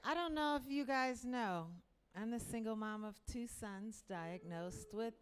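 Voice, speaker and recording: A woman doing a stand-up comedy set with a sassy, deliberate delivery. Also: a little high, clear, resonant tone.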